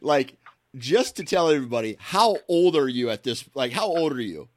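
Animated male host, dry close sound. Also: moderate pace, dry recording. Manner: enthusiastic, friendly, swinging pitch. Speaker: podcast host. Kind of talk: casual interview chat.

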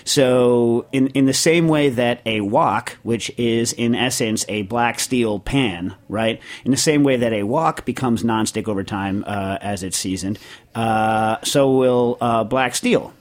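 A man's voice: mid-range voice, a little slow. A middle-aged man hosting a podcast, reading a listener question and rambling through his answer with jokes, fillers and restarts. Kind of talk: casual chat.

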